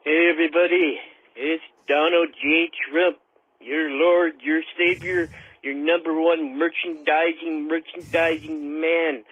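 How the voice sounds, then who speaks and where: Man doing a brash self-praising billionaire politician, husky, tinny voicemail line. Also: fairly high pitch, level tone, measured pace, a bit bright, no echo. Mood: boastful. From Canada. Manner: bragging, repetitive, grandiose. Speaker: caller. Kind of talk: voicemail impression.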